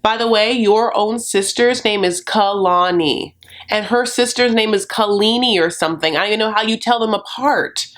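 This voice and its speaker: A woman's voice: mid-range voice, normal speed, fairly bright tone. A woman dishes on a reality show in a sassy, campy way and calls her viewers "honey" all the time. She slips into little put-on voices to act out what people said. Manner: acts out quotes in put-on voices. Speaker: reality TV recap commentator. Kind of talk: casual commentary.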